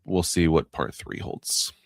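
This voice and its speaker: Deep-voiced laid-back male podcast co-host. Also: steady tone, a little slow, creaky, dry recording, studio quality. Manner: laid-back, laughs easily. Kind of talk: casual podcast recap chat.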